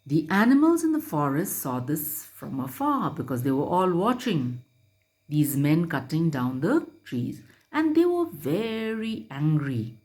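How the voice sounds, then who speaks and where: A woman teacher reading a story aloud to children and explaining it in a slow, careful, instructive way. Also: sits low, very animated, darkish tone.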